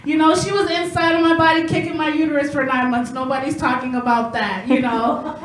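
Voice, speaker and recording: Female stand-up comic in her 30s, high voice, self-mocking and chatty, laughs along, roomy echo. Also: steady tone, a little fast. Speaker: stand-up comedian. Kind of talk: stand-up comedy set.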